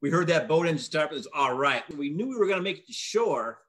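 A man's voice: a little high, lively intonation, quick pace, fairly bright tone. A man in an interview plainly recounting a rescue, matter-of-fact. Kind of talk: casual storytelling.

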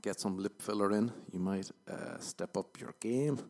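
A man's voice: low voice, normal speed, gravelly, darkish tone. A man hosting a podcast, rambling through a comedic monologue full of swearing and self-mocking jokes. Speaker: podcast host.

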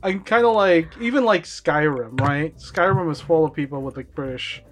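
A man's voice: fairly high pitch, lively intonation, moderate pace, soft background music. A man co-hosting a podcast in casual chat, rambling with lots of filler words and frequent laughter. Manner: rambling, heavy use of "like", laughs often. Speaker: podcast co-host.

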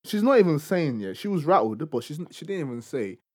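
A man's voice: on the high side, very animated, quick pace, darkish tone, slightly rough. A young man, co-hosting a podcast and telling stories in a laid-back, teasing way. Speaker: podcast co-host. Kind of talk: casual chat.

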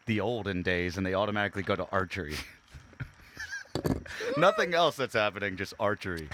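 A man trades quick, teasing jokes in loose comedy banter, his bright voice moving through a wide, animated range. A faint hiss runs under the recording. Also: sits low. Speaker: podcast co-host.

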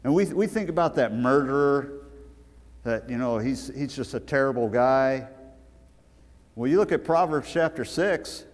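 A man preaching a sermon with emphatic, storytelling delivery that swells to loud peaks. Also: medium pitch, expressive, measured pace. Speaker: pastor. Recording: long hall reverb.

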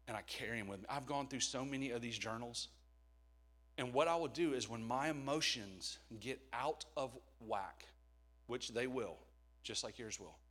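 A man's voice: mid-range voice, a bit bright. A middle-aged man preaching a candid, conversational sermon with jokes along the way. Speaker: pastor.

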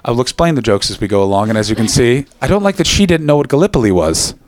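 A man's voice: medium pitch, expressive, quick pace, no echo. A man hosting a live comedy podcast, riffing brashly with the audience and swearing freely. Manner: brash, swearing, self-mocking riffs. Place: live venue before audience.

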